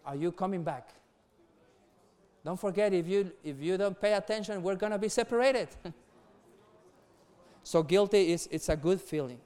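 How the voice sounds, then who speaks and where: Earnest man preaching to youth, smooth voice. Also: high voice, normal speed, pauses often. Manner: earnest, warm, laughs between points, repeats words. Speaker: youth pastor. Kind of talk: sermon to young people.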